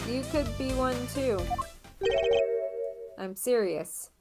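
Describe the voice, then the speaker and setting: A breezy male defense attorney talks in slang and teases easily, played by a woman. His manner is relaxed and playful. It is a game character read by a fan. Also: a little high, takes it slowly, loud music behind the voice, voice pushed up. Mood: teasing. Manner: casual, teasing, slangy.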